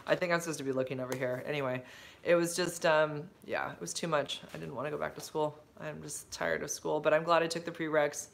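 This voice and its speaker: A substitute teacher who vlogs is livestreaming casually on her phone, her voice low, fast and creaky over slight background noise. She rambles through stories and viewer comments, sidetracked and full of ums and likes. Moments of delight send her voice leaping up in bright, effusive bursts.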